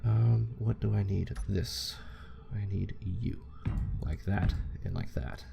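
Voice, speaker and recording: A man's voice: lowish voice, takes it slowly, gravelly, over loud music. A young man giving casual, rambling commentary while playing a game, chatting freely and swearing now and then. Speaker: gaming channel host.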